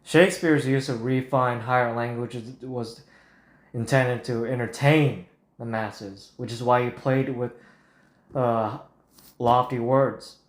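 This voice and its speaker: A man's voice: mid-range voice, fairly even intonation, takes it slowly. Man reading a combative Bible talk. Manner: read-aloud, blunt and combative. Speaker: Bible teacher. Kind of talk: scripted talk on Bible versions. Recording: roomy echo.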